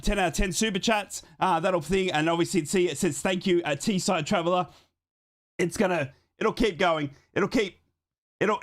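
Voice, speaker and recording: Young man, hoarse voice, fairly high pitch, live football stream host, excited, effusive thanks. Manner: effusive, thanks viewers over and over. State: hoarse from a chest infection. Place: home streaming setup in Australia.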